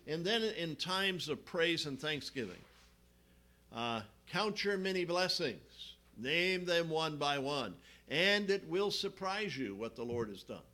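A man's voice: a little high, animated, takes it slowly, pushed and bright. A man preaching a sermon as pastor, teaching from slides and putting questions to the congregation.

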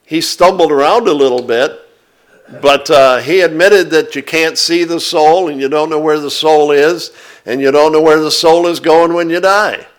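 A man preaching a sermon, reading scripture aloud and explaining it to his congregation in a slow, deliberate manner. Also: fairly high pitch.

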